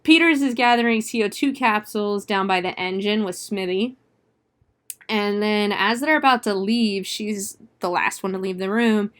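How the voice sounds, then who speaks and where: A woman podcast host tells a movie plot the way she would tell a friend. She fills her sentences with "like", swears freely, and breaks into exclamations and laughs. Her voice sits at an ordinary middle pitch. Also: moderate pace, fairly bright tone. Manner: chatty, profane retelling with frequent "like". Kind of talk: casual movie recap.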